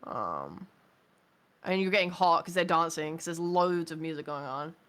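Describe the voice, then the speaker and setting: A woman's voice: low-pitched, lively intonation, normal speed, fairly bright tone. A woman guest on a stream, talking casually and bluntly with some swearing. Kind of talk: casual chat.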